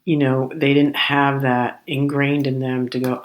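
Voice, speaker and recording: A woman hosting a podcast, telling a comedic story in an animated, rambling way and acting out the other people in it. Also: rumbling low, unhurried. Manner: exasperated, rambling retelling. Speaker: podcast host.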